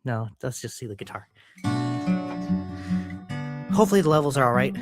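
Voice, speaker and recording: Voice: mid-range voice, lively intonation, moderate pace, loud music behind the voice. A musician guest on a video call, chatting in a rambling, self-deprecating way. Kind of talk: casual chat.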